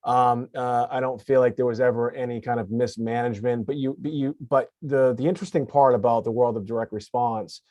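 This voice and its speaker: A man's voice: mid-range voice, steady tone, a little fast, few pauses, darkish tone, no echo, clean studio sound. A man in his forties hosting a podcast interview, thinking aloud with frequent restarts. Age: 40s. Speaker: podcast host. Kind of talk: conversational interview.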